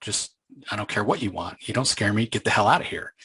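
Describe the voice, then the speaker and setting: A man's voice: lowish voice, animated, a little fast, sharp tone, slightly rough, no room sound, exaggerated voice, rough recording. A man voicing a brooding undead male antihero who talks bluntly and defensively, paraphrased while reading a comic aloud. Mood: defiant.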